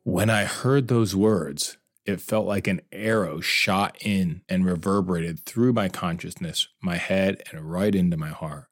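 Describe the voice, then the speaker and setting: A man's voice: low voice, a little slow, hardly any pauses, no room sound, studio quality. A middle-aged man narrating his own life story in an earnest, confessional way. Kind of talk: emotional personal narration.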